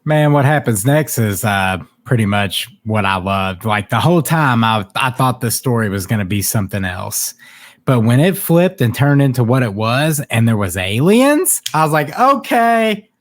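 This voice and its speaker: Excited, slangy man on a book podcast. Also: medium pitch, normal speed, no room sound, studio quality. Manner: excited, slangy, says dude and bro. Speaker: podcast co-host. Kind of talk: casual book discussion.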